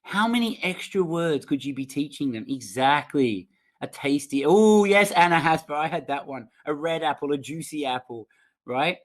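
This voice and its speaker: A man's voice: on the high side, normal speed. Upbeat man leading a teacher webinar. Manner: upbeat, reacting to typed chat answers, lively asides. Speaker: language teacher trainer. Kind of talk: live online teacher training webinar.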